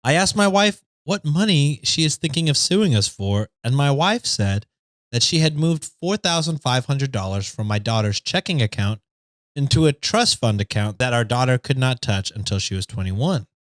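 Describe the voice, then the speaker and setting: A man's voice: mid-range voice, animated, moderate pace, no echo. A man co-hosting a podcast, reading stories aloud in a casual chat and laughing often.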